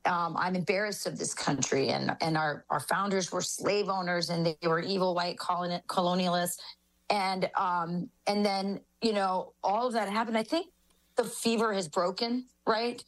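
A woman's voice: medium pitch, fairly even intonation, moderate pace, rough recording. A woman from the United States, speaking as an author guest in an interview, earnest and opinionated. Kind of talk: interview conversation.

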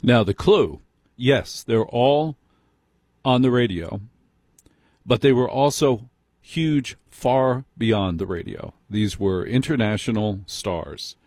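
A man's voice: medium pitch, animated, takes it slowly, darkish tone, no echo, clean studio sound. A man hosting a late-night call-in radio show, wry and self-mocking as he chats with callers. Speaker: radio talk show host. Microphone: studio microphone.

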